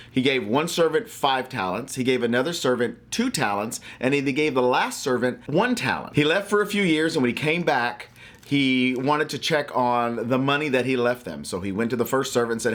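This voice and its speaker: A man's voice: medium pitch, a bit bright. A man from Louisiana giving a faith-based finance talk to camera, emphatic and motivational like a preacher.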